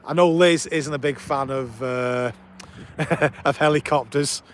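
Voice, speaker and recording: A man speaks at a measured pace in a steady, medium-pitched voice while hosting a live stream outside at an airport, with a little hiss or hum in the audio. He stays chatty and enthusiastic, welcoming viewers by name and commenting eagerly.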